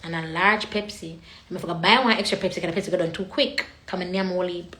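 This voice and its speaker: Bright-voiced Jamaican woman chatting live. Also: fairly low pitch, fast, reverberant. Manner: animated, switching into patois, chatting to viewers. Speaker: livestream host. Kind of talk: casual livestream chat. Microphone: phone.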